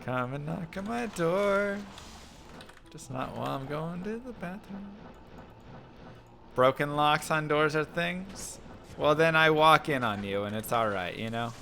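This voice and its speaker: This game streamer has a fairly high, gravelly voice and a measured pace, with a bit of hiss or hum behind it. He keeps up casual, animated chat while gaming, telling stories and laughing frequently.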